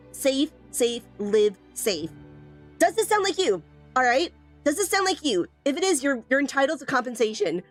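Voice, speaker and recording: A woman streaming a game tutorial, teasing and emphatic, repeating points and answering chat. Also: high voice. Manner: playful, teasing, emphatic with repetition. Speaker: streamer teaching a game weapon. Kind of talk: live stream tutorial, chatting with viewers.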